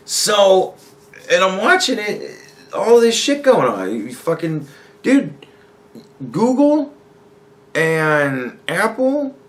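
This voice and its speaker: A man with a slightly higher voice delivers a loose, foul-mouthed political rant. He is sarcastic and mocking, and drops in quick put-on voices for the people he quotes. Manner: profane, sarcastic, mocking impressions. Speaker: podcast host.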